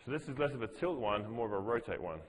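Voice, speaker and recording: A man's voice: mid-range voice, lively intonation, fast talker, big-room sound, rough recording. A man teaching as a fitness master trainer, explaining movements to a group step by step and repeating his cues. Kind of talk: coaching a group workshop.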